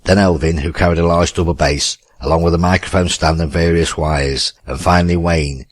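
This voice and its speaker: Deep, husky male audiobook narrator. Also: steady tone, brisk. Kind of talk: scripted narration.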